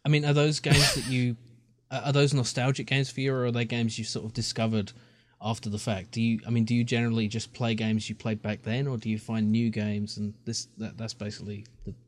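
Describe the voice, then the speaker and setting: A man, a podcast co-host in casual chat, playful and quick to laugh. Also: mid-range voice, flat delivery. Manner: playful, jokey, laughs often.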